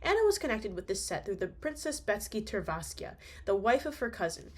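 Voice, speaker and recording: A young woman reading a classic novel aloud, breaking off for slangy, chatty asides. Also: mid-range voice. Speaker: audiobook reader.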